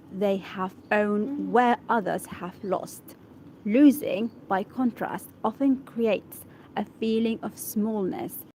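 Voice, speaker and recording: A woman whose first language is Arabic reads an English article aloud for practice, halting and correcting herself as she checks how words are pronounced. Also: mid-range voice, darkish tone, slight background noise, low-quality recording. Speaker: English learner.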